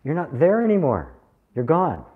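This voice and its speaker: A man teaching a spiritual group, animated and laughing often as he acts out people's questions. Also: on the high side, normal speed, husky, narrow, tinny audio. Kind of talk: satsang talk to a live group.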